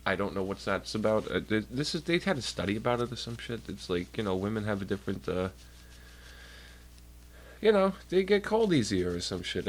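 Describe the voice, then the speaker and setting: A young male streamer rambles into his desk mic with a lively, bouncing pitch. He swears freely and jokes with his chat. His nose sounds a little stuffed and nasal. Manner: rambling, profane, jokey, talks to chat. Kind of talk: casual chat on a livestream.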